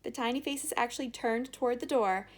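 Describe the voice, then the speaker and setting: A woman narrating a children's storybook aloud in an expressive, lively way. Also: on the high side, a little fast. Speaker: audiobook reader.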